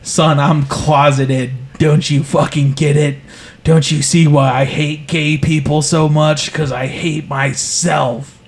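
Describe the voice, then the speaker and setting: A man voicing a closeted middle-aged politician father who is ashamed and desperate, swinging from pleading to yelling. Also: a little high, level tone, slow. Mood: self-pitying. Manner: pleading then bursting into yelling.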